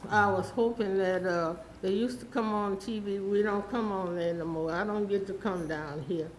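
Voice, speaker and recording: A woman's voice: mid-range voice, steady tone, moderate pace, echoey room, a little hiss or hum, poor audio. A woman, rambling and pleading through a public comment at a city council meeting. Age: 80s.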